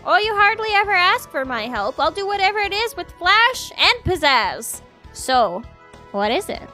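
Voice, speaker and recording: A woman's voice: very high voice, sing-song, normal speed, bright, forceful tone, faint music behind, pitched above the performer's own voice, heavily acted. A woman voicing a cheerful young female dove student in a bubbly, upbeat way during a game read-aloud.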